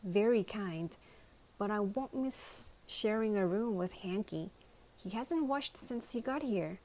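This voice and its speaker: Chatty cheerful little toy, a woman voicing it, slow. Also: medium pitch, expressive, dark tone.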